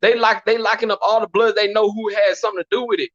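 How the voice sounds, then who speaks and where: The speaker is a Texas man, a guest sharing prison tales in an easygoing storytelling interview. He's a fast talker with a bright, high voice, animated and heavy on slang, often dropping "you know what I'm saying." The audio sounds muffled and lo-fi.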